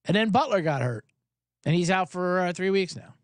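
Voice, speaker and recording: Animated, high-voiced sports podcast man. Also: normal speed, no echo, studio quality. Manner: animated, rambling and profane. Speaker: sports betting podcast host. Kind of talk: casual sports chat.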